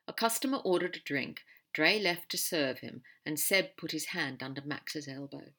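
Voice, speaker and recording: A woman narrating an audiobook with a lively, animated reading and a bright, sharp tone. Her delivery moves expressively through the story. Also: low-pitched, moderate pace, few pauses.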